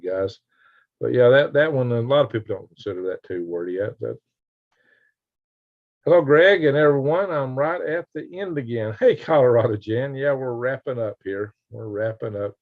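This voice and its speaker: A man's voice: lowish voice, gravelly. A man hosting a casual live stream, reading viewer comments aloud with a folksy, chuckling manner. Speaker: livestream host reading chat. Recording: dull lo-fi stream audio.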